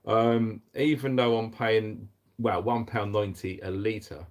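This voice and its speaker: A man's voice: on the low side, fairly even intonation, unhurried. A man hosting a live stream in a casual, upbeat way, greeting viewers and reading out their comments. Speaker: livestream host.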